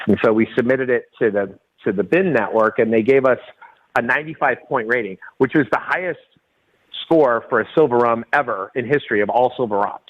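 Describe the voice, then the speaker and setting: Middle-aged male guest, chatty anecdote-teller with frequent laughs, ordinary pitch, dull call-in audio. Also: a little fast. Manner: laughs often, acts out quoted dialogue. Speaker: guest, winery and rum company owner. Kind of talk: casual storytelling interview.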